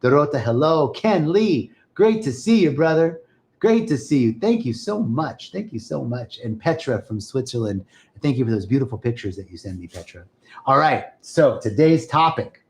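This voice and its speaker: A man's voice: mid-range voice, big pitch swings, normal speed, darkish tone. Enthusiastic man hosting a spiritual livestream. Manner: enthusiastic, greets viewers by name. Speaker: host of a spiritual live stream. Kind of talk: casual spiritual talk to a live audience.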